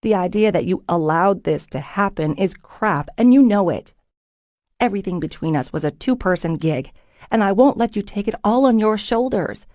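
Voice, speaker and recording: A woman's voice: medium pitch, expressive, moderate pace, no echo, natural voice. Woman playing a fiery, defiant young fighter. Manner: forceful, defiant, raises her voice often.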